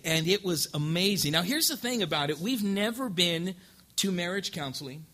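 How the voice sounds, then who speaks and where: Speaking at a moderate pace in a high, pushed, bright voice with lively intonation, a preacher gives an informal testimony of his life from the pulpit. He spins it in a folksy way, performing past dialogues. He's in a church sanctuary.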